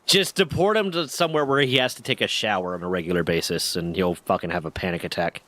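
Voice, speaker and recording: A man's voice: sits low, fast talker, sharp tone. A man of thirty from Pennsylvania, chatting casually on a stream and ranting with a lot of swearing. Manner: profane, ranting, rambling. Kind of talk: casual chat.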